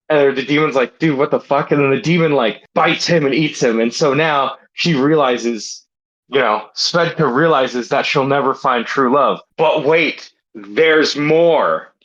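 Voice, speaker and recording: A man's voice: medium pitch, unhurried, a bit bright, lo-fi sound. A man co-hosting a comedy podcast, telling a rambling story in casual chat with lots of filler words. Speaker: podcast co-host.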